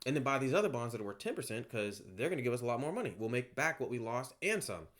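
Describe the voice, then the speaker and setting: Fast-talking man explaining off the cuff. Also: medium pitch, sing-song, fairly bright tone. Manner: rambling, conversational, with frequent "right?" asides. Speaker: online course creator. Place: home, by a bed.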